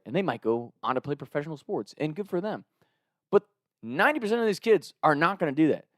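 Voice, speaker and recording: A young man telling a story in a casual, animated, profane way, laughing as he goes. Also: mid-range voice, dry recording, clean studio sound.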